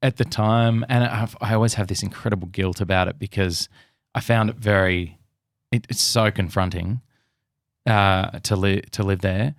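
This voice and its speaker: A man's voice: on the low side, steady tone, normal speed, gravelly, no room sound, studio quality. A man hosting an interview, speaking hesitantly and searching for his words with frequent restarts. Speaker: podcast host. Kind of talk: reflective conversational interview.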